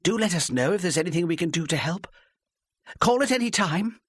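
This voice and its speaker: Brief: man performing a nervous fifty-year-old wife, lifted high and swooping, soft and timid, dry close reading. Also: wildly swooping pitch, moderate pace, breathy edge, no room sound, heavily acted. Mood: gushing. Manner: soft, timid, gushing politeness. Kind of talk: audiobook character voice.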